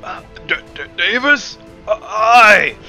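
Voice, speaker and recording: A man's voice: sits high, lively intonation, slow, sharp tone, faint music behind, pitched above the performer's own voice, full character voice. A man voicing a timid, forgetful elderly brother who stammers and hesitates. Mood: sheepish.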